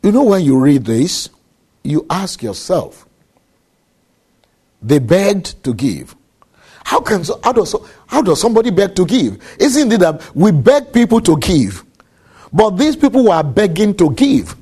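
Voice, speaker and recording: A man preaching a sermon, measured and deliberate, repeating key phrases for emphasis. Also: high-pitched, very animated, mellow, slightly rough.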